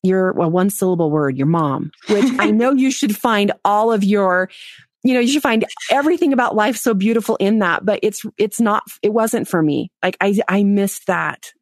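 A woman's voice: mid-range voice, expressive, moderate pace, hardly any pauses, no room sound. A woman speaking as a podcast guest, telling a personal story frankly, mocking herself and laughing often. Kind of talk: candid interview storytelling.

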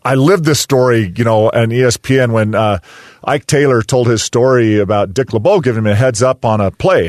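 A man's voice: mid-range voice, fairly quick, no room sound. Man, enthusiastic former-player co-host, rambling chat, dry close sound. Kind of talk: casual sports chat.

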